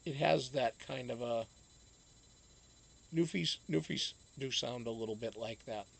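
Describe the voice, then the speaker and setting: A man's voice: mid-range voice, a little slow, gravelly, breathy edge, rough recording. A man hosting a casual live stream, rambling and joking, swearing now and then and answering chat by name.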